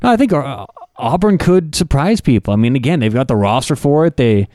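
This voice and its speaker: A man's voice: medium pitch, expressive, fairly quick, dark tone, no room sound, clean studio sound. A man co-hosting a casual sports talk show, loose and rambling with plenty of fillers. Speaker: co-host.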